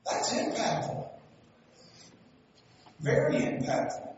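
A man preaching a sermon, telling stories and building to loud, emphatic passages. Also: high-pitched, animated, a little slow, pauses often, a little hiss or hum. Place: church sanctuary. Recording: echoey hall, from far off, dull sound.

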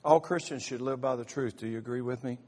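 A man's voice: mid-range voice, quick pace, darkish tone. A male pastor preaching a humorous sermon in a folksy way, rallying the congregation with lots of "uh"s. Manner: folksy, rallies the congregation, stutters in repeated "uh". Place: church sanctuary. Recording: church sound with long reverb.

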